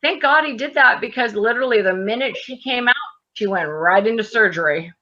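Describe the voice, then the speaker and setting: A woman's voice: fairly high pitch, expressive, brisk, bright, forceful tone, highs cut off. A woman in her thirties telling a personal story in casual conversation, animatedly acting out the dialogue. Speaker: guest.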